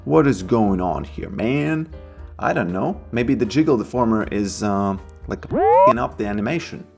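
A man talking through a software tutorial step by step, chatty and pleased with his own results. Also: on the low side, lively intonation, unhurried, vocal fry, soft background music. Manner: chatty, self-approving asides; put-on Russian accent in part. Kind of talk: screen-recorded software tutorial.

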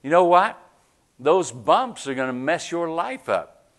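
Very animated and on the high side, a pastor's fairly bright voice moves a little slowly through his sermon. He preaches conversationally to the church, regularly checking in with listeners with a quick "right?"

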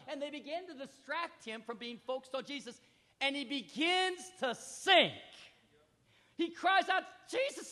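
Animated preacher in an echoing hall. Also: male voice, very high-pitched. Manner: emphatic, dramatic swings in loudness; addresses the audience directly with questions. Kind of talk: sermon with scripture reading. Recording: reverberant hall.

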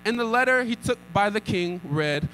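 A man's voice: high voice, expressive, moderate pace, sharp tone, soft background music, rough recording. A young man preaching a sermon, repeating lines and calling for responses. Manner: acts out scripture with rising intensity. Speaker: pastor.

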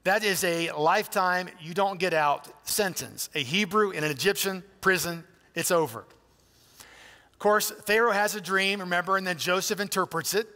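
A man's voice: sits high, moderate pace, bright, forceful tone, long reverb tail. A man pastor preaching a sermon in a church, in a conversational, emphatic way with direct appeals to listeners. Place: church sanctuary.

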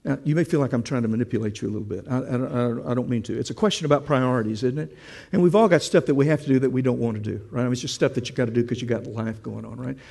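A man's voice: medium pitch, rapid-fire, gravelly, few pauses, a little mellow, in a large hall. A man preaching a sermon, telling a story and asking the congregation questions in a conversational way.

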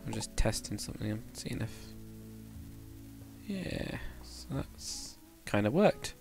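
A man's voice: lowish voice, sing-song, slow, gravelly, music in the background. A man casually chatting on a game livestream, thinking aloud while building and answering chat. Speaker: game streamer.

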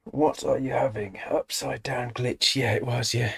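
A man's voice: medium pitch, fairly even intonation, unhurried, creaky, slightly rough. An English man hosting a let's play, chatting casually over gameplay with self-deprecating asides.

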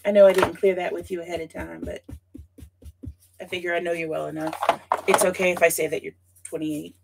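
A woman's voice: lowish voice, flat delivery, a little fast, vocal fry, noisy background. A woman hosting a casual scrapbooking livestream, chatting with viewers by name and thinking aloud as she works. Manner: chatty, talks to viewers by name while working; thinks aloud with frequent asides. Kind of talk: casual livestream chat while crafting.

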